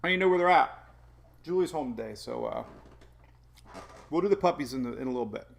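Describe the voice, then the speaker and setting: There's a gravelly, expressive quality to this man's mid-range voice, and he talks at a quick pace. He's hosting a live weather stream from home, rambling casually, poking fun at himself with frequent laughter.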